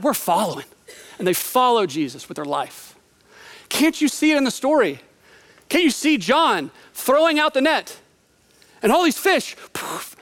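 A man's voice: very high-pitched, fairly bright tone. A man preaching a sermon, retelling a Bible story vividly and conversationally, asking the listener questions. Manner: storytelling, vivid, acts out quotes.

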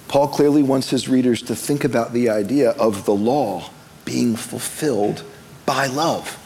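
A man's voice: mid-range voice, a little slow, darkish tone, slight background noise. A man, preaching a sermon to a congregation in a church, in a conversational style with humorous asides. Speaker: pastor.

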